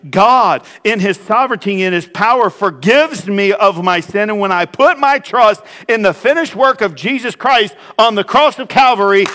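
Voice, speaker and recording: A man's voice: high-pitched, sharp tone. Man preaching in a reverberant church. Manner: preaching with pauses and repeated restarts. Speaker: pastor. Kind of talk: sermon. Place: church sanctuary.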